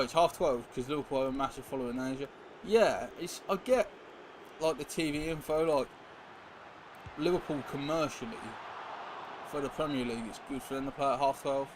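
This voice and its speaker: A young man streaming a football game, chatting casually and rambling as he reacts to viewers and play. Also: mid-range voice. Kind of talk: casual live-stream chat while gaming. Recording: noisy background hiss.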